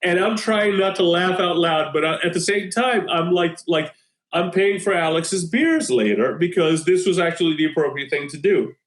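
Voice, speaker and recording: A man co-hosting a podcast, telling an animated story in casual chat and laughing often. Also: sits high, normal speed. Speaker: podcast co-host. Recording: roomy echo.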